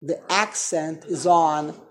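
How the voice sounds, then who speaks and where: A man's voice: fairly high pitch, steady tone, takes it slowly. A man leads an informal Torah class in a conversational tone. He keeps tossing questions to his listeners and corrects himself mid-thought as he explains. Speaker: Torah teacher.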